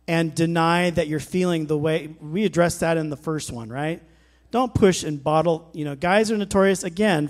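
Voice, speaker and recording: Preaching with fervor and emphasis, a middle-aged pastor whose voice is on the high side swells in volume whenever he reaches scripture or exhortation.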